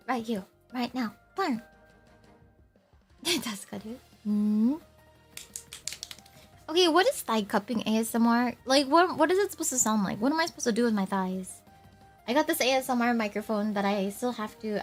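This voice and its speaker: A young woman streams and chats in a high, bright-toned voice, drifting from one thought to the next and giggling at herself. She speaks at an unhurried pace. Faint music plays softly underneath her voice. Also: expressive. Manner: giggly, rambling, self-teasing, laughs often. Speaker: VTuber streamer. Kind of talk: casual livestream chat.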